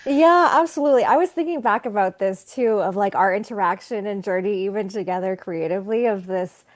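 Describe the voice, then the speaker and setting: A woman's voice: medium pitch, fairly quick. A woman brand designer talking as a podcast guest, reflective and chatty, with frequent "like" fillers. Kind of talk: casual podcast interview.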